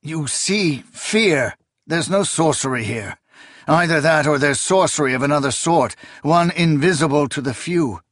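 A man's voice: fairly high pitch, unhurried, fairly bright tone, dry recording, clean studio sound, pitched above the performer's own voice. A man voicing a wary, stocky sorcerer who mumbles and stammers under pressure. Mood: tense.

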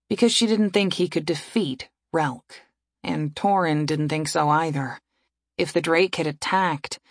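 A woman reading a fantasy story aloud in a measured, expressive narration. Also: on the low side, dry recording, clean studio sound. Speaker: audiobook narrator.

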